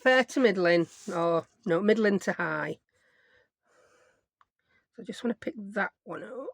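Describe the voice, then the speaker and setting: A woman's voice: medium pitch, expressive, a little slow, creaky, no echo, clean studio sound. A woman, chatting casually as a craft vlogger at her home desk, rambling with self-mocking asides. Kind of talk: casual chat while crafting.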